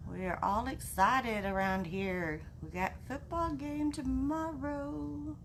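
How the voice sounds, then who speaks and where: Bubbly slow-talking woman craft host. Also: high-pitched, a bit bright, slight background noise. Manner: bubbly, greets viewers by name with little cheers. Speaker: craft live-stream host. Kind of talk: chatty live-stream greetings.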